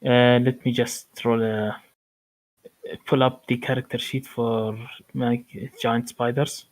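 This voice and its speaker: A man's voice: mid-range voice, level tone, rough recording. A man playing a tabletop game, hesitant and full of fillers. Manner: slow, hesitant, many fillers. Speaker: player.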